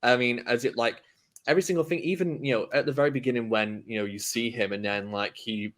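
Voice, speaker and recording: A man's voice: mid-range voice, steady tone, quick pace, fairly bright tone. A young man talking casually and enthusiastically about a film on a podcast, rambling with many fillers. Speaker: podcast host.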